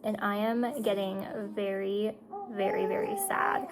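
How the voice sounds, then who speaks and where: A woman's voice: medium pitch, big pitch swings, unhurried, slight background noise, rough recording. A woman in her thirties chatting casually to her viewers while doing her makeup, talkative and emotional, tearing up at times. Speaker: beauty vlogger and mother.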